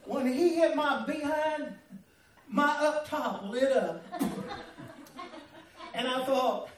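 A man's voice: very high voice, background noise. A middle-aged man with a Southern American accent telling a personal story in a sermon, folksy and laughing through the tale. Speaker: pastor. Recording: echoey, from a distance.

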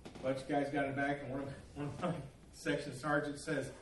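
Folksy preacher in an echoey church. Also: male voice, on the high side, little pitch movement, fast talker, a little hiss or hum. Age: middle-aged or older. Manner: folksy, rambling with many fillers. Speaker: pastor. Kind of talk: sermon with storytelling. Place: church sanctuary. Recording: echoey room, from a distance.

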